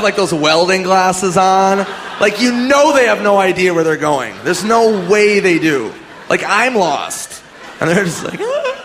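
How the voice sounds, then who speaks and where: A young man doing a stand-up comedy set, rambling, swearing and laughing at his own jokes, recorded live in a comedy club. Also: high-pitched. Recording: live club with audience noise.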